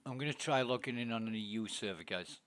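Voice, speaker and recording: A man's voice: mid-range voice, fast, a bit bright. A man streaming a space game, chatting casually and narrating what he is doing as he plays. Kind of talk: casual gaming chat.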